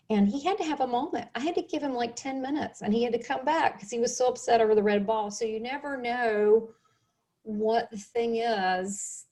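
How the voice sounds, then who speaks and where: A middle-aged woman hosting a casual interview, telling lively stories and laughing often. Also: fairly high pitch, moderate pace. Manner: animated storyteller, laughs often. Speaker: host.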